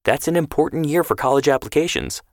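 A man's voice: on the high side, fast talker, dry recording, studio quality, voice pushed up, natural voice. A man reading the part of a worried, practical mother who argues her point firmly. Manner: firm, arguing. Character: worried, practical mother, middle-aged woman.

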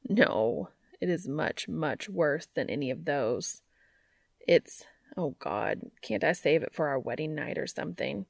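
Storybook role: a blunt, drowsy grown man, read by a woman, low and deadpan with a gravelly edge. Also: a little slow, dry recording, clean studio sound, heavily acted. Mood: embarrassed. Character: grumpy sleepy adult man, dry and blunt. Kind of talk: audiobook fiction reading.

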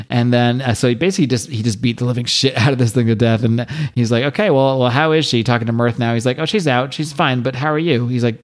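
A man co-hosting a podcast, casually recapping a comic book's story with plenty of restarts and quick lines for each character. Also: medium pitch. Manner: animated retelling, quick voices for characters, frequent laughs and restarts. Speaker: podcast co-host.

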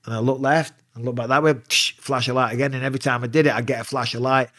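A man's voice: medium pitch, fast, dry recording, clean studio sound. A man, a retired fighter, telling a wild story as a guest in a casual interview, swearing freely. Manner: profane, animated storyteller.

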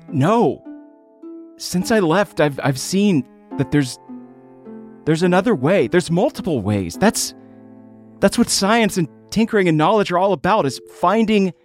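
A man speaking in character as a tabletop player, earnest and halting. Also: high-pitched. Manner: earnest, halting speech with restarts. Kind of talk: in-character tabletop role-play.

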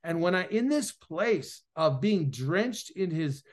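High-voiced man telling an earnest testimony. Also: lively intonation, takes it slowly. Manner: earnest, emotional storytelling that swells louder at its peaks. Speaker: preacher and author, interview guest. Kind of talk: personal testimony in an interview.

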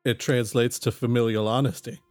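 A man voicing a distrustful grown son who talks in a guarded, deliberate way. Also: medium pitch, little pitch movement, a little mellow, faint music behind, close to an everyday voice. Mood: curt.

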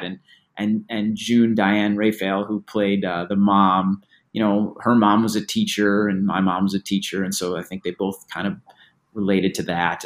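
Lowish male guest voice, easygoing and rambling. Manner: rambling, restarts sentences. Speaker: actor guest. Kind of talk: casual interview chat.

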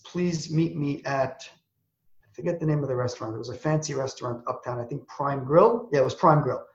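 A man telling a personal story as an interview guest, acting out the dialogue in quick, animated bursts. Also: fairly high pitch. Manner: acts out quoted dialogue, talks in quick bursts. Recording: echoey, dull lo-fi sound.

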